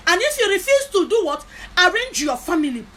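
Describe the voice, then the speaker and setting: A woman's voice: extremely high pitch, big pitch swings, brisk, a bit bright, rough recording. A woman giving an impassioned live video talk as a spiritual teacher, repeating herself and firing off rhetorical questions. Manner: repeats words and phrases.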